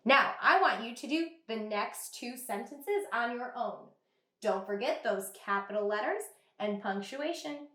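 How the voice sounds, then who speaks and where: A woman teacher giving an online reading lesson to young children, sounding out words slowly and praising the class. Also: a little high, animated, bright, forceful tone, echoey room. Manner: slow, exaggerated sounding out of words. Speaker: kindergarten teacher.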